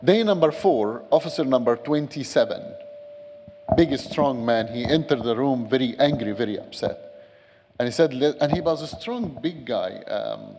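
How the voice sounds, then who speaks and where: A man's voice: medium pitch, a little mellow, slight background noise. A middle-aged man, a guest speaker, giving his testimony in a church, telling a story with humorous asides. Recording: church hall reverb.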